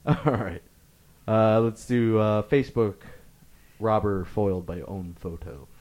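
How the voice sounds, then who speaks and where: A man hosting and judging a casual game among friends, upbeat and quick, often laughing. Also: lowish voice, fairly even intonation, darkish tone. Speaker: game host and judge.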